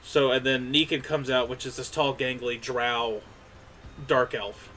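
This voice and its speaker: A man's voice: medium pitch, steady tone, bright, forceful tone. A man running a tabletop game as game master, describing scenes and calling checks. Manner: descriptive, brisk asides. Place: home streaming setup.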